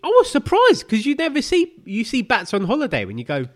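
A man co-hosts a chatty podcast from a home kitchen. His voice is high and very lively, and he talks fast. He keeps the talk going with quick agreements and interjections. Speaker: podcast co-host. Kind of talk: casual chat.

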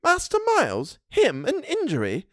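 A man's voice: wildly swooping pitch, no room sound, clean studio sound, full character voice. A man doing a tearful old housekeeper woman. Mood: indignant. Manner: high, soft, emotional voice, often slowed. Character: older female housekeeper, simple, tender-hearted, tearful. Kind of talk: audiobook reading of a classic story.

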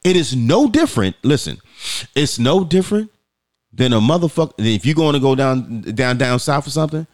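A man's voice: mid-range voice, lively intonation, moderate pace, a little mellow. A man co-hosting a podcast, telling stories in a casual, profane way and acting out quoted voices. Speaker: podcast co-host.

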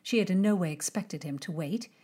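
A woman narrating an audiobook in a measured, expressive storytelling manner. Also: on the low side, husky. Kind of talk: scripted narration of a historical romance.

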